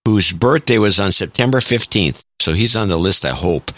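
A man's voice: lowish voice, animated, normal speed, fairly bright tone, no room sound. A man co-hosting a podcast with dry, wry remarks, reading listener notes aloud. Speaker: podcast co-host.

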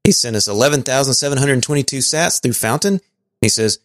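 A man's voice: medium pitch, expressive, brisk, no room sound, clean studio sound. A man co-hosting a podcast, reading out listener messages in a casual, stumbling way with small chuckles. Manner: stumbling, chuckling, thinking aloud. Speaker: podcast co-host.

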